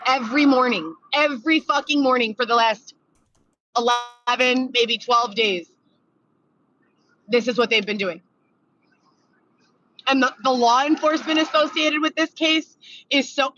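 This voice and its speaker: A woman's voice: high-pitched, steady tone, measured pace, pauses often, fairly bright tone, slight background noise. A woman venting in a monologue video, agitated and profane, reeling off complaints one after another. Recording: dull lo-fi clip audio.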